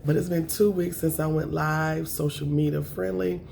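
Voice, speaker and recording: A woman, chatting to camera on her eating show, emotional and thankful, with a voice that is raspy at times. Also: deep voice, fairly even intonation, moderate pace, mellow, a little hiss or hum. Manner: emotional, thankful, says y'all often. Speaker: mukbang vlogger.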